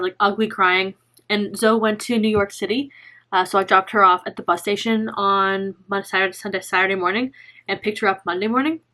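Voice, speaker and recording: Bright-voiced young woman vlogger, chatty. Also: mid-range voice. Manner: chatty and gushing, with many fillers and restarts. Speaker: knitting vlogger. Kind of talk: casual chat to camera.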